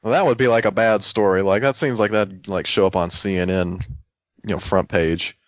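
A man's voice: on the low side, normal speed, no echo, muffled recording. A man co-hosting a casual gaming podcast in a laid-back way, riffing on jokes. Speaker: podcast co-host. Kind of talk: casual chat.

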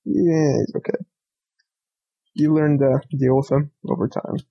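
A man's voice: a little high, level tone, measured pace, breathy edge, muffled recording. A young man co-hosting a gaming podcast, jokey and laughing often while reading listener mail. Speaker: podcast co-host. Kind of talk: casual chat, reading listener emails.

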